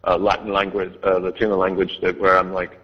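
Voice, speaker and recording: This low, monotone male voice is bright and forceful, moving a little fast. He's an audiobook narrator giving hesitant interview answers packed with fillers and false starts, recorded on a dull line with long reverb.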